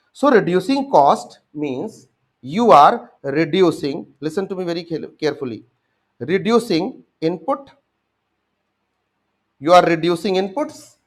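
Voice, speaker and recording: A young man with an Indian English accent, giving an exam-prep lecture and acting out students' answers as he speaks to them directly. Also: sits high. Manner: addresses students directly, acts out their answers.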